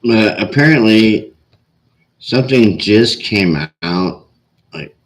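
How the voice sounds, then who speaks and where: A man's voice: fairly low pitch, takes it slowly. A man hosting a livestream, chatting casually and rambling with lots of "like" and restarts. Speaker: livestream host. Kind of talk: casual chat.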